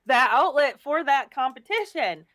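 A woman with a high voice explains things in a steady, measured way. She sounds like a strength coach talking as a guest in a casual chat. The recording is dry, with no room sound. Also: no echo.

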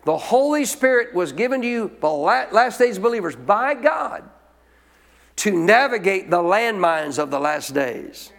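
A man's voice: high voice, sing-song, a little slow, a bit bright, big-room sound. A male pastor preaching a sermon in a conversational way, often asking the congregation questions.

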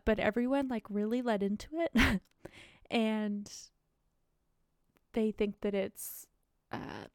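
Hiccuping as she chats, this young podcast co-host rambles along with lots of filler words. She speaks in a fairly high, creaky voice, captured in a dry, clean studio recording.

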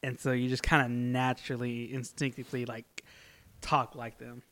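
Relaxed man rambling through anecdotes. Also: medium pitch, moderate pace. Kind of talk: casual chat.

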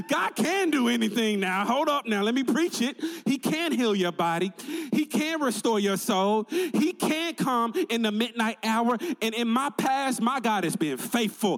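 A male pastor preaching a sermon with energetic call-and-response to his congregation in a large church sanctuary. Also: very high voice. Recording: long reverb in a large church hall.

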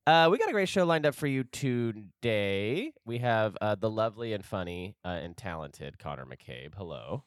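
A man hosting a comedy podcast in a studio, gravelly from smoking, rambling with many fillers and laughs. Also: lowish voice, very animated, normal speed, hardly any pauses, dry recording. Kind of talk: casual comedy chat.

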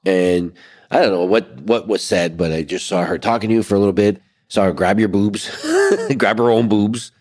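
Outdoors by a pool, a podcast co-host spins a story in casual storytelling chat, rambling loosely with plenty of fillers. His voice is fairly low and darkish, and his pace is moderate.

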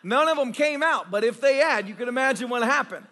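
A pastor delivers a sermon testimony to his congregation in a very high, bright, forceful voice, telling stories with excited energy. He's an animated, excitable storyteller who keeps restarting phrases quickly as his enthusiasm outruns him.

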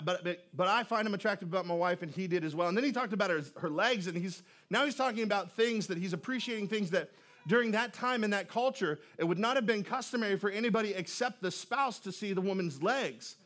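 A pastor preaching a sermon in a relaxed, joking, conversational way, often repeating words as he starts a sentence. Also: high voice. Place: church auditorium.

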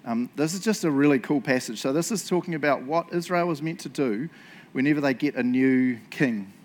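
A man preaching a casual sermon, telling stories in an excitable, chatty way and laughing along. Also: medium pitch, brisk.

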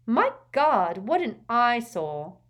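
A woman plays a spoiled rich young woman who mocks what she sees with a sneer in her voice. Her voice rises high and bright compared with the narration. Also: sing-song, slow, full character voice. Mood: haughty. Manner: haughty, sneering.

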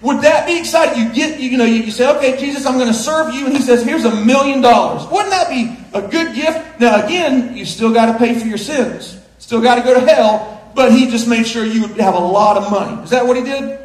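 High-voiced animated preacher man. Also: fairly quick. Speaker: pastor. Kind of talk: sermon with humorous anecdote. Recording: roomy echo of a big hall.

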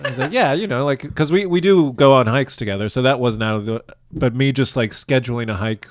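A man's voice: medium pitch, fairly quick, dry recording, clean studio sound. A man telling a long personal story in a casual interview, rambling and self-deprecating, laughing often. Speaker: guest telling his proposal story. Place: lives in a large US city.

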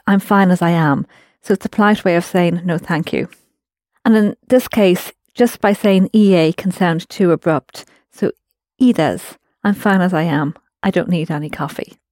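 A woman's voice: fairly low pitch, a little mellow, dry recording, studio quality. A woman teaching a language class, explaining phrases patiently and prompting her students with questions.

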